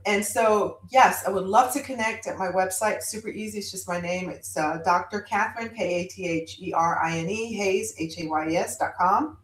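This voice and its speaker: A woman guest on a podcast, chatting casually and telling a lively story with laughter. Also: mid-range voice, roomy sound, rough recording. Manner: animated storyteller, laughs often. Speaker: guest author.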